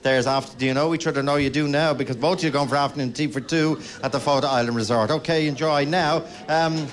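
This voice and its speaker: A man's voice: on the high side, fairly even intonation, quick pace. A man hosting a live broadcast, bantering jovially with his audience. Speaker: radio host. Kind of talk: live radio broadcast from a hotel.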